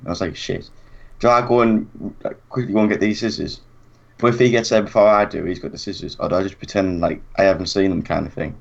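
A young man spins a lively story, voicing everyone he quotes and laughing along as he goes. His voice sits low. The recording sounds dull and lo-fi. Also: quick pace, gravelly. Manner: animated anecdote, acts out quotes, laughs often. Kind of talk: casual chat.

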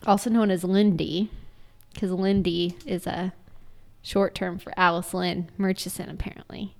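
A woman's voice: fairly low pitch, steady tone, unhurried, vocal fry, darkish tone. A woman co-hosting a true-crime podcast, chatting casually and laughing often as she tells the story. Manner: giggly, laughs often while telling a story. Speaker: podcast co-host.

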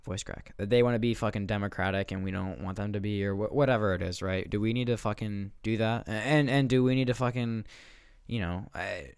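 Twenties guy from the US northeast, low gravelly voice, loose profane podcast rambler, dry close sound. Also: a little fast, no echo. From northeastern United States. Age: 20s. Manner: profane, rambling, with heavy swearing. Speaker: podcast host. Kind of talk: casual solo rant.

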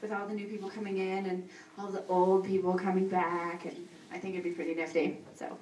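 A woman's voice: mid-range voice, little pitch movement, a little fast, darkish tone, a little hiss or hum. A young woman from Texas, out of breath and a little nervous, rambling and laughing as she answers questions on a convention panel. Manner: giggly, nervous, rambling with fillers. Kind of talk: casual panel Q&A. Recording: echoey room, from far off.

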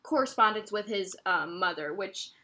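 A woman's voice: medium pitch, lively intonation, normal speed, pushed and bright. A young woman reading passages from a novel aloud and discussing them, stumbling over words as she goes. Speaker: podcast co-host reading aloud.

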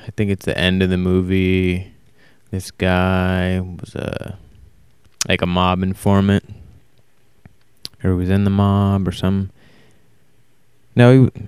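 A man talking alone in a casual, rambling monologue, flat and self-described as monotone, often stopping to correct himself. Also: low-pitched, clear, resonant tone, no echo, clean studio sound. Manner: casual, swears. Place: warm indoor room.

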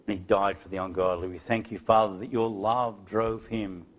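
A man preaching an evening sermon, building to loud emphatic peaks and sinking to a hushed, soft close, with old-fashioned biblical phrasing. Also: fairly low pitch, fairly even intonation, moderate pace.

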